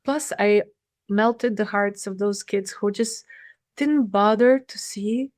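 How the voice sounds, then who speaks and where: Woman guest, middle-aged, earnest, halting storyteller; dry close sound. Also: mid-range voice, darkish tone, dry recording. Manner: earnest, halting, with many fillers and restarts. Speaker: podcast guest. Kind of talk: personal storytelling in an interview.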